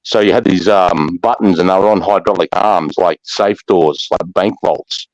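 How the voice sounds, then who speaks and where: Aussie bloke, middle-aged, deep voice, swears a lot, ums and trails off, dry close sound. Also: male voice, normal speed, dry recording, lo-fi sound. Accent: Australian. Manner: rough-spoken, swears freely, trails off with fillers. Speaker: army veteran guest. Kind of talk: casual war storytelling on a live chat.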